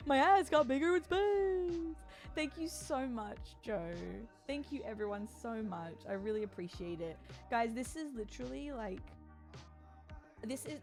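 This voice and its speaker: A woman streamer chatting casually with her live audience, full of "like" and "um" fillers and prone to startled shrieks. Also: medium pitch. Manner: jumpy, letting out startled shrieks.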